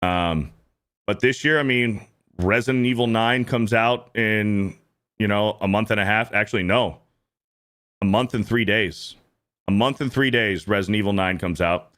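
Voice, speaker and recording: A man's voice: fairly low pitch, normal speed, a bit bright. A man hosting a stream, giving casual reaction commentary in a blunt, profane, repetitive way. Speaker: streamer host.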